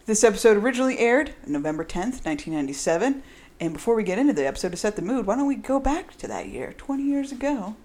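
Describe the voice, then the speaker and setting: A woman's voice: mid-range voice, sing-song, quick pace, a little mellow. A woman hosting a casual podcast, playful and giggly, tripping over her words now and then. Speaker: podcast host. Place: echoey room.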